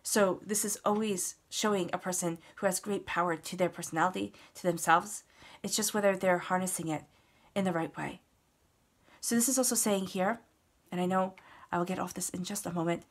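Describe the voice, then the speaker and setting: A woman giving a casual, earnest tarot reading, talking straight to the listener and repeating words for emphasis. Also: mid-range voice. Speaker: tarot reader.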